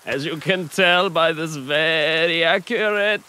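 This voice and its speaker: A man's voice: on the high side, a little slow, bright, forceful tone, clear, resonant tone. A man voicing a pompous German documentary maker in a put-on German accent, speaking in stilted, broken English.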